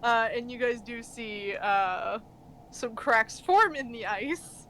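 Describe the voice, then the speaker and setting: A woman's voice: a little high, slow pace, fairly bright tone, a little hiss or hum. A woman narrating as dungeon master in a casual tabletop game stream, loose and full of fillers. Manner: loose, filler-heavy narration with frequent laughs.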